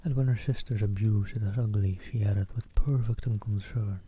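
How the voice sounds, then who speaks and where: Man, hushed partly whispered narration, low pitch, dark mellow tone. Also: fairly even intonation, moderate pace, a little hiss or hum, low-quality recording. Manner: soft, hushed, often whispering. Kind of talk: audiobook reading, partly whispered.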